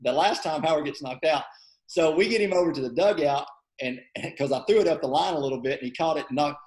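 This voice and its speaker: Brief: podcast guest, animated storyteller, slightly higher voice, roomy echo. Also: male voice, quick pace. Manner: animated storyteller, acts out quotes. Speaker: podcast guest, former college teammate. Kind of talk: casual podcast chat, storytelling. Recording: roomy, echoey audio.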